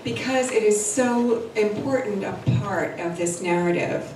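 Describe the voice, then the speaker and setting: A woman panelist asking quick follow-up questions in a discussion. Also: medium pitch. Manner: inquisitive, rapid follow-up questions. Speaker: panelist novelist. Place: literary event hall. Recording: echoey room, distant mic, faint noise.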